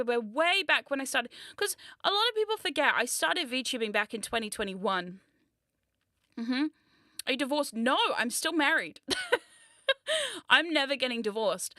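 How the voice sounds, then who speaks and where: A woman's voice: sits high, sharp tone, dry recording, studio quality. A woman, chatting casually on a livestream as a VTuber, rambling, swearing and mocking herself with frequent laughs. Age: 30s. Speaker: VTuber streamer.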